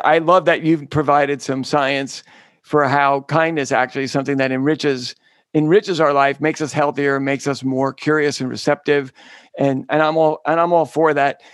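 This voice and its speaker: Male podcast host, higher voice with some fry, dry close sound, eager and chatty. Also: dry recording. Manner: enthusiastic, rambling questions with many restarts. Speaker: podcast host interviewing an author. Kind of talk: conversational interview.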